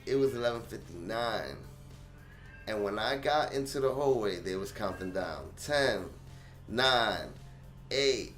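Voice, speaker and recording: A young man telling a personal story to his vlog audience in an animated, slangy way. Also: fairly low pitch, a little slow, faint music behind. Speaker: channel host.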